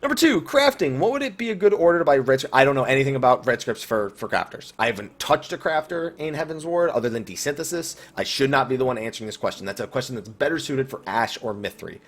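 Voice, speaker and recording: Animated, blunt-talking male gamer host. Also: medium pitch, quick pace, few pauses. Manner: casual, blunt, swears freely. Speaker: YouTube host answering viewer questions. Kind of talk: casual Q&A commentary about online games.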